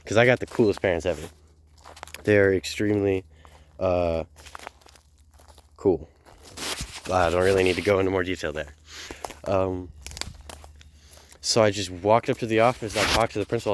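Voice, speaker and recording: A young man tells a personal story in a loose, rambling vlog style, swearing casually and leaning on fillers. His voice sits a little low. A faint hiss runs under the recording. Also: normal speed, pauses often. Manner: rambling, laid-back, lots of fillers and swearing. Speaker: vlogger.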